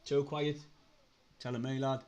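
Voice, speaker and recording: A young man with a Sunderland accent, hosting a casual live stream, chatty, laughing often, swearing and getting excitable. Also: mid-range voice, measured pace. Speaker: livestream host.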